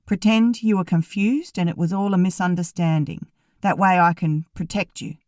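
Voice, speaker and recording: A woman reading an audiobook, voicing a worried older male doctor who speaks firmly and slowly. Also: on the low side, steady tone, darkish tone, no echo, clean studio sound, close to an everyday voice. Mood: insistent.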